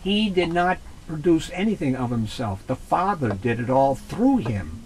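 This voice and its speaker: Insistent male co-host, high and animated, lectures emphatically; faint noise on the recording. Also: measured pace, rough recording. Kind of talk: heated religious discussion.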